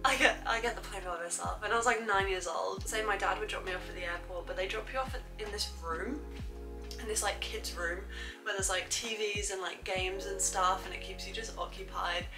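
A woman's voice: medium pitch, fairly quick, over music, rough recording. A young woman, telling stories casually to camera as a vlogger, with lots of "like" fillers. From England. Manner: chatty, says "like" a lot.

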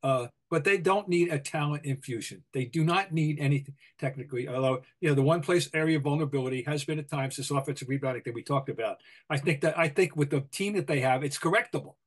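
An older man with a Boston accent, co-hosting a sports podcast, opinionated and full of halting restarts. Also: on the high side. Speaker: podcast co-host, basketball writer. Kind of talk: casual sports talk.

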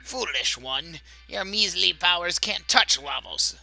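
A haughty, cruel queen , as a man reading a game's dialogue puts her on, speaks with imperious scorn. The voice sits a little high and has a very bright, forceful edge, with faint game music behind. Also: animated, measured pace, gravelly, full character voice, low-quality recording. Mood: imperious, scornful.

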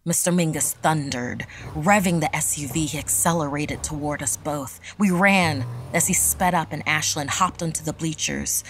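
A woman narrating a scripted horror story in a hushed, dramatic reading. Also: deep voice, moderate pace, hardly any pauses, slight background noise. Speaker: podcast storyteller.

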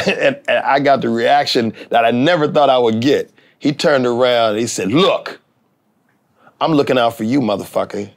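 Animated man telling a long story. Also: mid-range voice, normal speed. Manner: animated, acts out quoted voices. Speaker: TV writer and actor. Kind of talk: casual storytelling interview.

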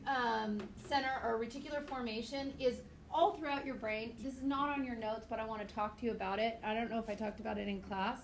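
Animated woman teaching biology. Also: fairly high pitch, roomy sound, a little hiss or hum. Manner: lively, acts out voices and laughs often. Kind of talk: classroom lecture with anecdotes. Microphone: tablet screencast mic.

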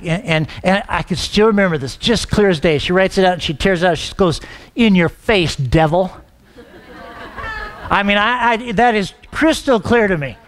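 A man's voice: sits high, a bit bright. A middle-aged man preaching a sermon as a pastor, telling a personal story with acted-out dialogue and frequent restarts. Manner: storytelling, acts out quoted dialogue; frequent restarts and repeated words.

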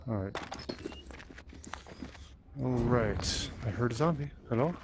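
A man's voice: medium pitch, expressive, slow, noisy background. A man playing a zombie game, chatting playfully to himself and to the enemies as he goes. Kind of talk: let's play commentary.

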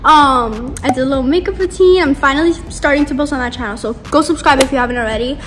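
A woman's voice: high voice, fast, fairly bright tone, in a large hall, a little hiss or hum. A young woman wrapping up a vlog in a giggly, rambling, easily sidetracked way. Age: teens. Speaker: vlogger. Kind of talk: casual vlog outro.

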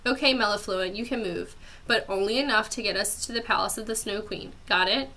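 A woman voicing a cautious young boy hero, speaking quietly and slowly in a storybook read-aloud. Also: medium pitch, close to an everyday voice. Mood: calm. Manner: quiet and slow.

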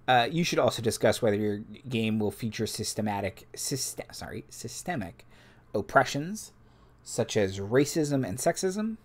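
This stream host and game master has a medium-pitched, animated voice and a measured pace. He reads tabletop game rules out loud, adding casual comments for the chat.

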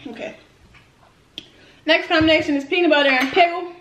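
A woman's voice: a little high, animated, fairly quick, fairly bright tone, echoey room, a little hiss or hum, poor audio. A woman who hosts a food vlog, chatting casually and with lots of slang to her viewers while she tastes snacks. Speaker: food vlogger. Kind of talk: casual eating-show chat.

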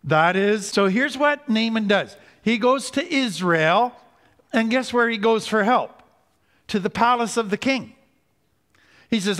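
A man giving an earnest teaching talk on recovery, slowing down to stress key points. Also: high-pitched, lively intonation, a bit bright. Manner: earnest, slows down for emphasis. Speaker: recovery speaker. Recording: hall reverb.

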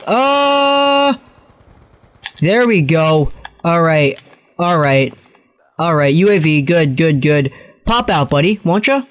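A young man giving live commentary over a first-person shooter match, swinging between calm callouts and frustrated, excitable outbursts and self-mocking rants. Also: high voice. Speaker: gaming commentator.

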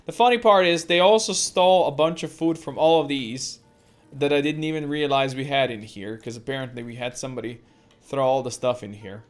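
A woman's voice: very deep voice, a little fast, soft background music. A woman giving let's play commentary as a gameplay streamer, swearing constantly and ranting at the game.

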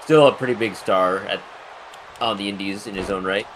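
A man giving measured, wry remarks in a casual gaming chat with friends. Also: fairly low pitch, background noise.

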